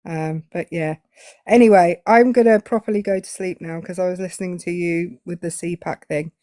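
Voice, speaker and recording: A woman's voice: lowish voice, steady tone, normal speed, dark tone, no room sound, clean studio sound. Hesitant woman caller. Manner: hesitant, full of fillers and restarts. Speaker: guest caller. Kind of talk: casual chat.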